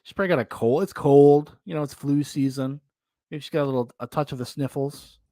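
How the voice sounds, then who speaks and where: A man hosts a podcast in loose, rambling chat and laughs often. His voice sits a bit high. The sound is close and dry. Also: fairly even intonation, a little fast, warm tone, no echo. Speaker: podcast host. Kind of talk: casual chat.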